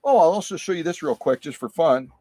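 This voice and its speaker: Man, middle-aged, chatty livestream host, slightly high voice, dry close sound, repeats himself. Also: animated, fast talker, dark tone, no echo. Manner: chatty, repeats phrases, self-deprecating. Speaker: livestream host restoring sewing machines. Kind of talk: casual live-stream chat while working.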